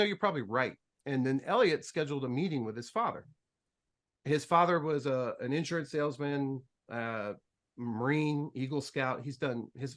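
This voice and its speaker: A man telling a business story on a panel in a casual, joking way, acting out both sides of conversations, with frequent restarts. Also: medium pitch. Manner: animated, joking, acts out dialogue with restarts.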